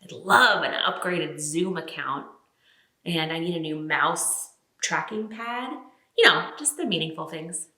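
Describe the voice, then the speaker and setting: A woman delivering deadpan comedic character monologues, chatty and hesitant with fillers. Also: deep voice, measured pace, reverberant. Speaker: comedy sketch performer.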